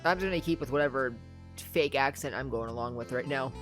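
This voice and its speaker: A woman's voice: a bass voice, fairly quick, soft background music. A woman in casual game commentary, making chatty, rambling asides while she plays. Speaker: let's play gamer.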